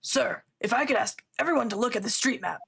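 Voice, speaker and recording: A woman voicing a gruff middle-aged male police inspector in a video game, with a rough chain-smoker rasp and a formal, officious way of reporting. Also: fairly high pitch, animated, fairly quick, fairly bright tone, exaggerated voice. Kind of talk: voicing a game character on stream.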